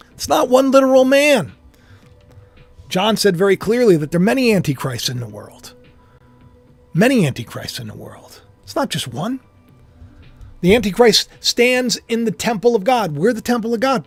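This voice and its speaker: This man's very high-pitched voice carries passionate spiritual preaching aimed at an online audience. Emphatic repetition runs throughout, and he alternates loud eruptions with hushed asides. The recording is dry.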